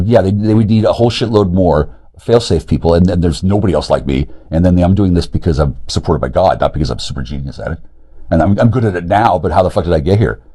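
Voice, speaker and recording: Deep-voiced man ranting, pitch swinging widely. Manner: profane, agitated, rapid loud and quiet swings. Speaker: streamer talking to camera. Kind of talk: rambling monologue.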